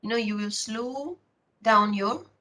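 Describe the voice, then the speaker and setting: A woman lecturing a class in a slightly high voice, taking her time over each point. She explains carefully, filling gaps with frequent pauses and restarting her sentences as she goes. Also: sharp tone, rough recording.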